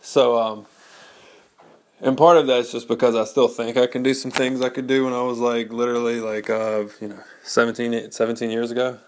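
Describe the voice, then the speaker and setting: A man's voice: medium pitch, little pitch movement, brisk. A man in his thirties talking casually to his audience, rambling with many fillers and restarts. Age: 30s. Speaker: blogger. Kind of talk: casual personal monologue.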